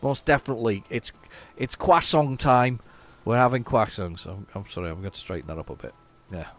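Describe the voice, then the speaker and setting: A man's voice: mid-range voice, fairly quick, a bit bright. A man hosting a gaming channel, giving casual, playful commentary as he narrates his driving aloud.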